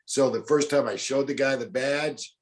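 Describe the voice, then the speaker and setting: A man's voice: mid-range voice, steady tone, moderate pace. An older man in his sixties with a drawl, telling folksy stories as an interview guest. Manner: folksy, acts out other people's lines in the stories he tells. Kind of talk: casual storytelling.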